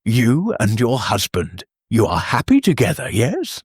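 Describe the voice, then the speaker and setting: A man voicing a shrewd, gentle detective with soft, deliberate questioning. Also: mid-range voice, huge pitch swings, husky, no echo, studio quality, full character voice. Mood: probing.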